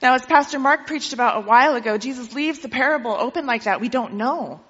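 Bright-voiced woman preaching in an echoing hall. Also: high voice, fast talker, slightly rough. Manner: lively storytelling, asks listeners questions. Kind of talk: sermon. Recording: dull with long hall reverb.

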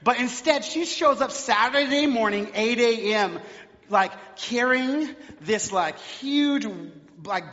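A man's voice: high-pitched, fairly bright tone. A man preaching a sermon in a church, telling stories in a chatty, filler-heavy way. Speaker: pastor. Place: church sanctuary. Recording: long reverb, dull lo-fi sound.

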